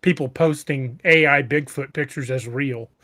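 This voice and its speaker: A man's voice: medium pitch, normal speed, dry recording, studio quality. A man in a casual group chat, telling funny stories with animation. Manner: animated storyteller.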